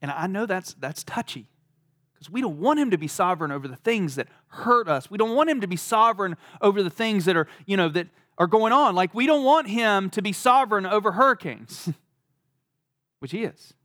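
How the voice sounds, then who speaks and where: High-voiced man giving a casual Bible lesson. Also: animated, moderate pace, sharp tone, dry recording, studio quality. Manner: conversational, laughing, many "like" fillers. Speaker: Bible teacher.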